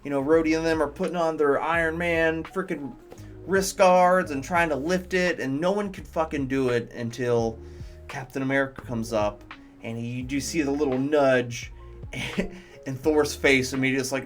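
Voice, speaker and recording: A man's voice: medium pitch, fairly even intonation, moderate pace, faint music behind. Enthusiastic, swearing movie-reviewing guy. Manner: enthusiastic, profane, rambling. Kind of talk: casual video commentary.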